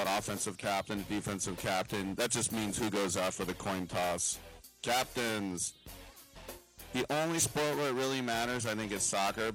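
A man's voice: on the low side, a bit bright, low-quality recording. Wry rambling radio host, a man. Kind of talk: casual radio talk. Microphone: studio microphone.

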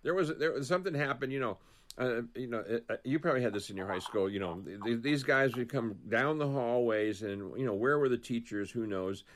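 A man talking politics in a casual chat, rambling with frequent restarts and trailing phrases. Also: mid-range voice. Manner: rambling, halting, many restarts.

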